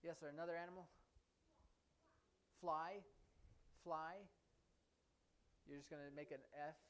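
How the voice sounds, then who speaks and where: A man's voice: a little high, steady tone, measured pace, a bit bright, clean tone. A man teaching an informal sign language class in a church classroom, taking students' questions one by one and thinking aloud as he explains each sign. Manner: easygoing, answers students by turns, thinks aloud.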